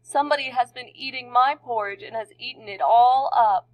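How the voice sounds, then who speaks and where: A woman reading as a squeaky baby bear cub. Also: moderate pace, natural voice. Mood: whiny. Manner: reads the lines half-heartedly. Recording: dull lo-fi recording.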